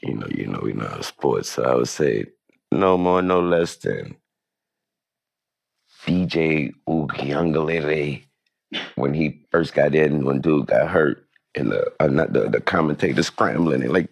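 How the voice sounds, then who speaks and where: A man with a very low, gravelly voice talks through a relaxed interview. His delivery is loose and rambling, and he often restarts his sentences and fills the gaps with fillers. He comes across as an easygoing guest. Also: moderate pace, no room sound. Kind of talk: casual interview talk.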